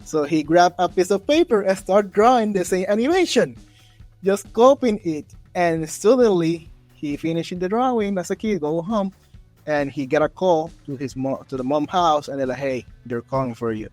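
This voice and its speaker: A man hosting a podcast, telling a story in a lively way and acting out the quotes. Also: high voice, normal speed, faint music behind. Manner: animated storyteller, acts out quotes in raised voices. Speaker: podcast host. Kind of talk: casual interview chat.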